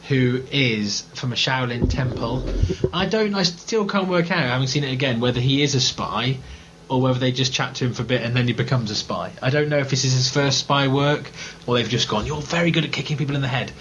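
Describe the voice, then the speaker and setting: A man's voice: mid-range voice, brisk, few pauses, highs cut off, noisy background. An English man co-hosting a casual film review chat, rambling and correcting himself as he goes. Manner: rambling, hesitant, self-correcting. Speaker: film review podcast co-host.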